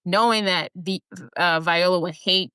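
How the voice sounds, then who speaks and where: A woman's voice: fairly low pitch, unhurried, bright, forceful tone, smooth, no room sound. A woman co-hosting a podcast, bluntly recapping a movie in casual chat, filler words throughout. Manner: blunt, crude, many "like" fillers. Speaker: podcast co-host.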